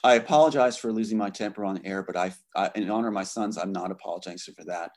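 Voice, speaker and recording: A man's voice: lowish voice, quick pace, a little mellow. A man speaking as an interview guest, angry and emphatic as he makes accusations. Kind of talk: impassioned interview talk.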